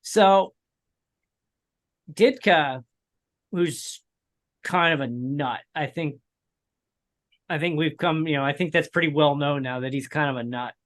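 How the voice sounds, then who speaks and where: A racing podcast co-host tells long, rambling stories in casual chat, chuckling often. His voice is a little high and fairly bright, and he speaks at a measured pace with long pauses.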